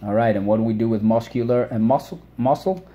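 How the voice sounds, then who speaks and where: A male teacher giving a children's spelling and vocabulary lesson, upbeat, drilling each word syllable by syllable and pausing for the class to repeat. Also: mid-range voice, warm tone.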